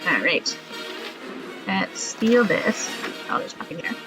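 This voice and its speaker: A woman's voice: medium pitch, sing-song, takes it slowly, music in the background. A woman giving casual gameplay commentary, chatty and jokey, laughing often as she plays. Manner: chatty, laughs often, jokes about the game. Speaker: let's play gamer. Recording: slightly muffled lo-fi audio.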